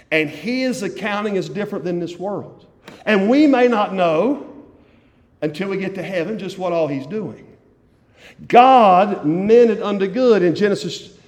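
Male pastor, slightly high voice, fervent sermon with loud and hushed swings, long church hall reverb. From West Virginia, USA. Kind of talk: evening sermon. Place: church sanctuary.

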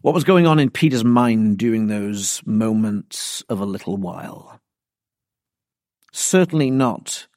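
A man preaching an expository sermon, deliberate and emphatic. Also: medium pitch, a little mellow, dry recording, clean studio sound.

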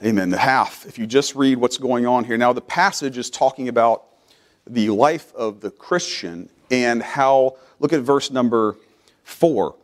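A middle-aged preacher in a church sanctuary, mixing calm scripture teaching with surges of raised, high-pitched fervor. He speaks in the rhythm of a pulpit sermon, repeating phrases as he climbs in volume. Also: measured pace. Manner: builds from quiet to loud preaching, rising in pitch as he presses. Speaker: pastor.

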